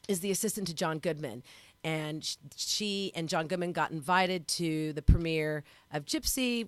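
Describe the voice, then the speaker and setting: Comedian lady telling a big story, lowish voice, gets loud then hushed, dry close mic. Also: no echo. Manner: expressive, swings between hushed asides and loud outbursts. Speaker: comedian guest. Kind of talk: animated storytelling.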